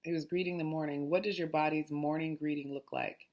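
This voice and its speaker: A woman's voice: sits low, fairly even intonation, a little fast, a little mellow. A woman hosting a casual mindfulness talk, reading aloud in a chatty, digressive way and often restarting her lines. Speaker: host.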